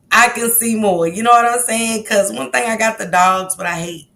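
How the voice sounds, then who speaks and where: A woman's voice: medium pitch, moderate pace, vocal fry, fairly bright tone. A woman hosting a casual livestream, chatting easily and greeting her viewers one by one by name. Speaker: livestream host.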